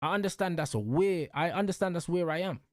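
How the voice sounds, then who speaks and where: A man's voice: fairly high pitch, fairly quick, no room sound, clean studio sound. A young man, hosting and ranting casually about football in heated, repetitive street slang. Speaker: show host.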